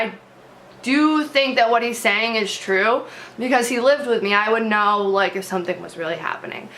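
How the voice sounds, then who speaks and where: A woman's voice: a little high, bright, forceful tone, a little hiss or hum. A young woman vlogging to camera, telling a story bluntly with lots of swearing, fillers and restarts.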